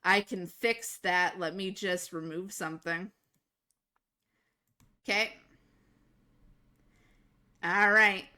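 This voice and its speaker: A woman's voice: on the low side, steady tone, slow, pauses often, sharp tone. A young adult woman livestreamer in casual, giggly chat at a desktop mic. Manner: chatty, giggly, self-amused.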